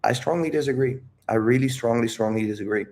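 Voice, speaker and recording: A man's voice: medium pitch, quick pace, a little mellow. A man talking candidly about dating and his emotions, rambling and calling the listener "dude". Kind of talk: casual talk.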